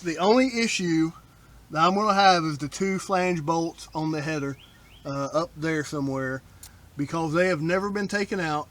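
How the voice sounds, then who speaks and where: A man with a fairly bright voice on the high side works on a Jeep outdoors, explaining his own car repair. As a DIY car repair vlogger, he's blunt, wry, and casual in his how-to, grumbling about shoddy work.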